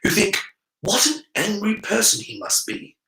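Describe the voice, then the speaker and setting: A man's voice: high-pitched, sing-song, moderate pace, vocal fry, bright, forceful tone, reverberant, pitched above the performer's own voice, exaggerated voice, poor audio. A man voicing an earnest, analytical boy wizard who explains things in a lecturing way. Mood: explaining.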